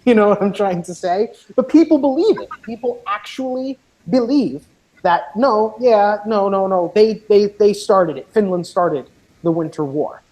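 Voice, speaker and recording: A woman chatting casually in an online voice lobby, blunt and profane, getting animated as she talks. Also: medium pitch, measured pace, rough recording. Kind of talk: casual voice chat.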